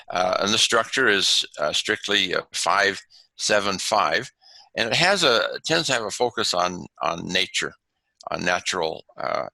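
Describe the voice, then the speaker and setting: A man presenting a lesson over a video call, teaching from slides and pausing often with fillers and restarts. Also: sits low, vocal fry, pushed and bright, no echo, rough recording. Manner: halting, many fillers and restarts. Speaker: webinar presenter on haiku.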